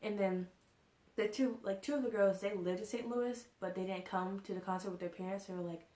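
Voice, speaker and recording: A woman's voice: mid-range voice, a little fast, warm tone. Young woman, casual storytime vlog, rambling with fillers, echoey room. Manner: rambling, full of "like" and "you know". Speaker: vlogger.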